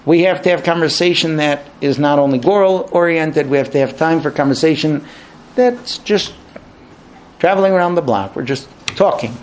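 A man giving a lecture, animated, acting out quoted exchanges in raised voices. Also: a little high, normal speed. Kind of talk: spoken lecture to an audience.

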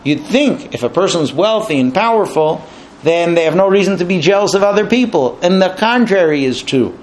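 A man teaching a religious lesson as a lively, animated story. His voice is high for a man. A light hiss lies underneath. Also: normal speed. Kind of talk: storytelling sermon.

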